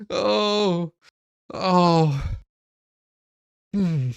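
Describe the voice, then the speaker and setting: A woman's voice: fairly low pitch, expressive, very slow, creaky, no room sound, studio quality. A woman reacting in a casual chat, laughing often and exclaiming.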